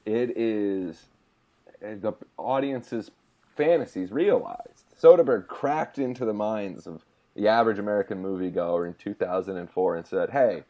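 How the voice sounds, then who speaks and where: Excitable low-voiced man chatting. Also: moderate pace, muffled recording. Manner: excitable, jumps high when joking. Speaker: podcast guest. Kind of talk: casual podcast chat.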